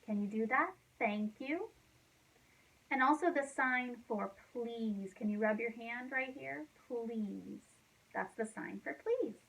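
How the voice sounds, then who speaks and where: A woman librarian leading a children's storytime, gently coaxing the kids to join in with motions and signs. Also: on the high side, far from the mic, low-quality recording.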